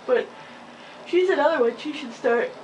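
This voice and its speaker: A young woman giving casual, rambling gameplay commentary, giggling often and filling pauses with ums, a little sleepy with hiccups. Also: high voice, lively intonation, a little mellow. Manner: rambling, giggly, many fillers. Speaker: gaming channel host. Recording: distant mic with faint noise.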